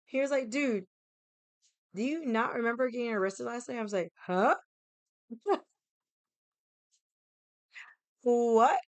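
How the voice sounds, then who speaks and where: Young woman telling a crazy story, laughs a lot, swears, does everyone's voices, smooth clear voice, dry close sound. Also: a little high, moderate pace, pauses often, no echo. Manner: animated, laughing, swears often, acts out quoted voices. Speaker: vlogger. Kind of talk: casual storytelling.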